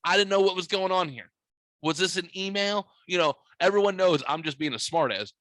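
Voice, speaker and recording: A man's voice: high voice, fairly quick, a bit bright, dry recording, low-quality recording. A young man hosting a podcast, telling a story in a joking, profane, smart-aleck way. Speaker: podcast host. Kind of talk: casual storytelling.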